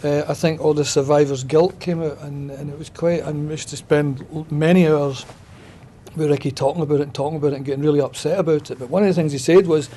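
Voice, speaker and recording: A Scottish man tells stories in easy, rambling chat and drops in a steady "aye". His voice sits fairly high for a man. Faint background noise runs under him. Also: fast. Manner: chatty storyteller, says "aye" often. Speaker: guest comedy writer promoting a play. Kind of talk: casual chat.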